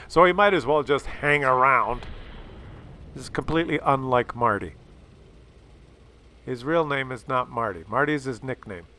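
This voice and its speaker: A man giving casual, animated commentary on gameplay, chatty and swearing freely. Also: mid-range voice, unhurried, pauses often. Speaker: gaming video commentator.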